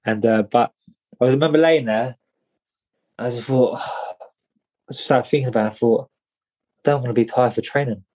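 A young man from tells his story as an interview guest. He talks in a loose, slangy way, restarting his sentences and repeating words as he goes. His voice sits at an ordinary, middle pitch. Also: moderate pace, long pauses, darkish tone, rough recording. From England. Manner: rambling, repeats words, slangy, calls listener mate. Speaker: guest, boxer.

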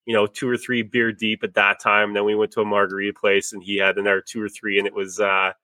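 A man's voice: on the low side, level tone, fast talker, bright, forceful tone, no room sound. A man hosting a podcast, chatting casually, rambling and swearing freely with frequent laughs. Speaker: podcast host. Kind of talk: casual chat.

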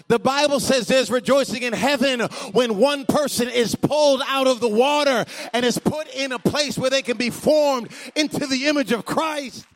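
High-voiced animated preaching man. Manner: animated preaching, swinging from quiet asides to fired-up peaks. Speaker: pastor. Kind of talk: sermon.

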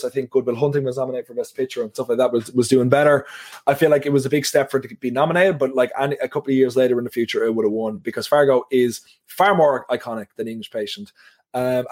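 A man's voice: mid-range voice, darkish tone. A man hosting a film podcast, chatting casually and rambling with lots of fillers. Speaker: podcast host. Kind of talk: casual film review chat.

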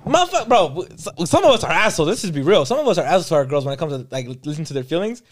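A high-voiced man talks fast, with his pitch swooping all over. He swears freely in loose, casual banter with friends. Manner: profane, animated and quick-talking. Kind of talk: casual podcast chat among friends.

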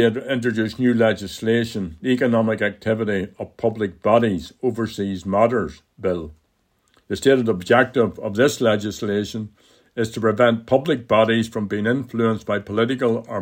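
An older man with an Irish accent, reading his own political column aloud in a measured, deliberate way. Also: fairly low pitch.

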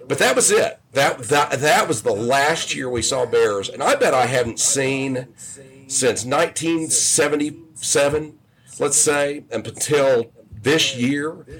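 A man in his fifties chats as a podcast guest, his voice sitting at an ordinary middle pitch. He wanders through long anecdotes, often restarting sentences and correcting himself mid-thought. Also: a bit bright. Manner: rambling, with frequent restarts. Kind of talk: casual storytelling.

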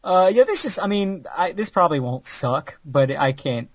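A man hosts a casual anime podcast in a crude, sarcastic ramble, tripping over his own restarts. His voice sits a touch higher than most men's. The sound is dull and lo-fi, with no room echo. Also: expressive, moderate pace. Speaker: podcast host reviewing new anime. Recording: dull lo-fi dry recording.

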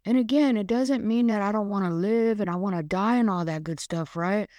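A woman's voice: mid-range voice, a little fast, darkish tone, no echo. A woman hosting a podcast, talking frankly and casually through a devotional monologue with plenty of fillers. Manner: frank, chatty, swears casually, many fillers. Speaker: podcast host.

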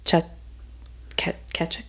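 A woman's voice: slow, sharp tone. A woman chatting casually about her sports bets in a hesitant, giggly way. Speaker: guest picking bets. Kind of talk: casual sports betting chat.

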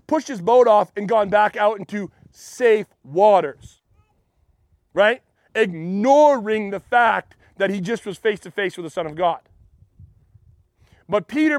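Male pastor, very high voice, dry close sound, chatty sermon. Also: a little slow, no echo. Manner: animated and conversational, with frequent restarts.

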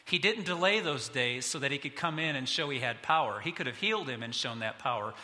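A middle-aged man preaching a sermon as pastor, animated, his voice climbing high when he gets excited. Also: brisk, in a large hall.

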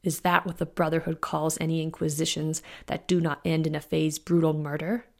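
A woman voicing a disdainful male water Fae with a German accent and a low, rough, gravelly voice, speaking coldly in a storybook reading. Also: flat delivery, brisk, a little mellow. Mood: contemptuous.

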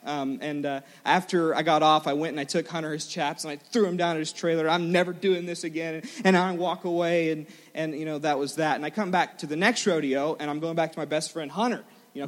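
Young male preacher, animated and self-mocking storyteller, fairly high voice, echoing hall. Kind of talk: storytelling sermon. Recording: large hall with long reverb.

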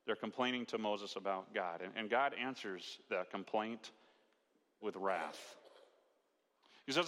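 A man's voice: lowish voice, a little slow, a bit bright. A male pastor preaching a sermon in a conversational way, asking rhetorical questions and acting out quotes. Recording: long hall reverb.

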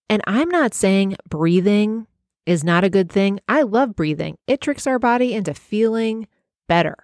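A woman healthcare worker hosts her own podcast, talking straight to the listener with heartfelt emphasis. Her voice sits at an ordinary middle pitch. The sound is dry and close with no room echo. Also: animated, measured pace, darkish tone. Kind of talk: solo podcast monologue.

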